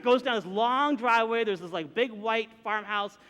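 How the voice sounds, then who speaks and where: A man with a high, bright voice tells a story live before an audience. He is animated and acts out the voices and sounds in it. His voice carries a long reverb from a large hall. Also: brisk, hardly any pauses. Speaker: minister telling a personal story.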